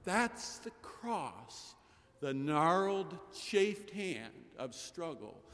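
Slow preacher in a reverberant chapel. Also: male voice, a little high, big pitch swings, fairly bright tone. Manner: storytelling preacher with rising emphatic cadences. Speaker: pastor. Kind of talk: sermon. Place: large chapel.

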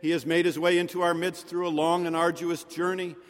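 A man preaching a sermon in a rhetorical manner, with dramatic pauses and soft drops in his voice. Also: fairly high pitch, level tone. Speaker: pastor. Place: chapel. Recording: long reverb of a chapel.

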